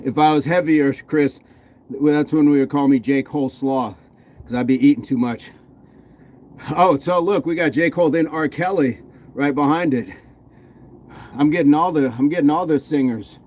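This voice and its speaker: A man's voice: on the high side, normal speed, long pauses, a little mellow. An American man hosting a fitness livestream, casually reading and answering viewer comments between workout sets. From United States. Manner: laid-back, answers chat questions while working out.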